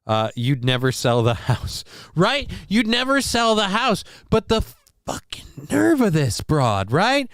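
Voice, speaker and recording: A man's voice: sits high, huge pitch swings, takes it slowly, a bit bright, no echo, studio quality. A man hosting a casual comedy commentary, joking crudely and rambling as he reacts to clips. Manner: crude joking, mock voices, loose rambling. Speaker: host reacting to news clips.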